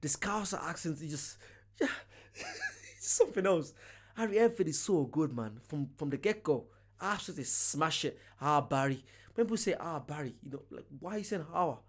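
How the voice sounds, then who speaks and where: Excitable male reaction host. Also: on the high side, fairly quick, husky. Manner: excitable, laughs a lot. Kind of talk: casual reaction commentary.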